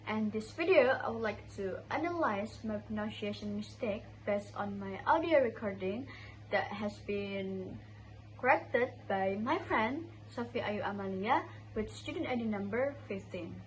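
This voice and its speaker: A woman's voice: mid-range voice, lively intonation, unhurried, a little hiss or hum, poor audio. A young woman with an Indonesian accent presents a class assignment, carefully repeating words as she practises them. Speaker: student.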